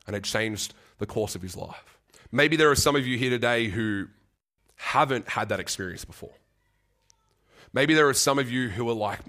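Brief: young man, earnest halting preacher, mid-pitched voice. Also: sharp tone. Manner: earnest, halting, repeats words, gets choked up. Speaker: guest preacher. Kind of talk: sermon with personal story.

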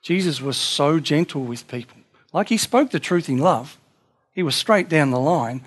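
An earnest male pastor delivers a sermon in a conversational, down-to-earth way. His voice sits a little high for a man. He slips into short acted-out exchanges to make his points. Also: animated, normal speed.

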